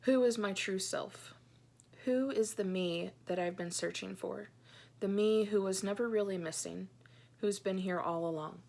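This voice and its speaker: A woman in her thirties, a Christian blogger, speaking softly and hesitantly with many ums as she reads her own journal aloud in a personal vlog. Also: medium pitch, a little slow, gravelly. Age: 30s. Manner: earnest and heartfelt.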